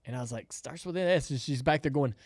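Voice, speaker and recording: A man, co-hosting a podcast and telling a story in an animated, laughing way. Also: medium pitch, fast. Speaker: podcast co-host. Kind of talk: casual storytelling chat.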